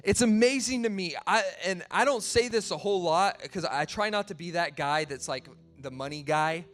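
A man's voice: high-pitched, normal speed, fairly bright tone, faint music behind. A male pastor preaching a sermon in a conversational storytelling way, laughing at himself as he tells family stories.

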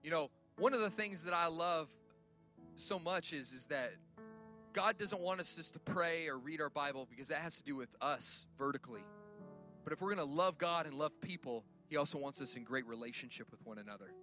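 A man preaching a sermon as pastor, building from quiet stories up to loud, shouted emphasis. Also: on the high side, a little fast, faint music behind.

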